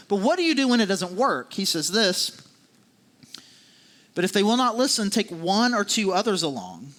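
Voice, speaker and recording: A man's voice: high voice, fairly bright tone. A man preaching a sermon as a pastor, talking in a conversational, self-deprecating way with many restarts and repeated phrases.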